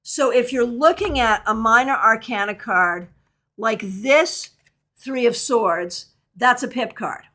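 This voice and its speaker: A woman's voice: on the high side, slow pace, sharp tone. A middle-aged woman teaching a live online tarot workshop, chatting candidly and answering viewer questions as she goes.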